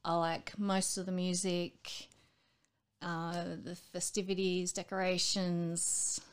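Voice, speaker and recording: An Australian woman chatting casually on a podcast, telling candid, animated stories and acting out other people's voices. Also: lowish voice, takes it slowly, clean tone. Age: adult with school-age children. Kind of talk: casual chat.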